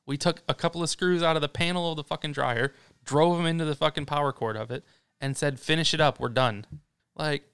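A young man with a smooth, clean voice, recorded dry and close. He co-hosts a casual podcast chat and vents heatedly, cursing freely. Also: mid-range voice, a bit bright, dry recording. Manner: heated, swearing often, venting. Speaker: podcast co-host.

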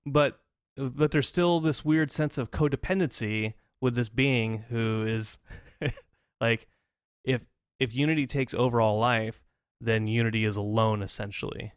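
A man co-hosting a casual podcast chat, joking and telling animated stories with laughter. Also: medium pitch, unhurried, clear, resonant tone, dry recording, studio quality. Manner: jokey, animated storytelling with laughs. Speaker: podcast co-host.

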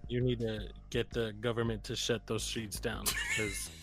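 A man's voice: on the low side, little pitch movement, moderate pace, vocal fry, over music. A man co-hosting a casual podcast, joking, swearing and laughing often. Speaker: podcast co-host.

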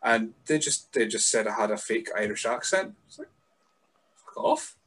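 A man's voice: fairly low pitch, lively intonation, a little fast, a bit bright, slightly rough. A man with a mild Scottish accent, a podcast guest chatting casually in a laid-back, rambling, sweary way. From Scotland. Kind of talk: casual chat.

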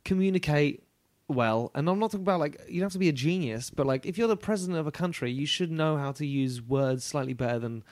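A French-born man with a London accent, chatting as a podcast guest, animated and swearing freely. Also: fairly high pitch, fast, hardly any pauses, dry recording. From France. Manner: animated, swearing, lots of fillers. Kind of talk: casual chat.

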